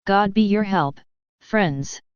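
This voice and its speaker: A woman's voice: medium pitch, slow pace, clear, resonant tone, no room sound, close to an everyday voice. A woman reading the part of an agitated young male asylum patient who lashes out with bitter, accusing outbursts. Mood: fervent. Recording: dull dry studio audio.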